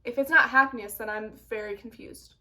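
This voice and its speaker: Brief: young woman, high voice, casual vlogger, expressive and dramatic. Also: fairly quick, slight background noise. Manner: animated, dramatic outbursts of mock outrage. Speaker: book vlogger. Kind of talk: casual reaction vlog.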